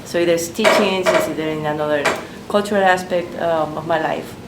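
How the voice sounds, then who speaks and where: A woman from Spain with a Spanish accent, answering interview questions thoughtfully with frequent pauses and ums. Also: deep voice, steady tone. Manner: hesitant, thoughtful, many ums. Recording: echoey room with clear background noise.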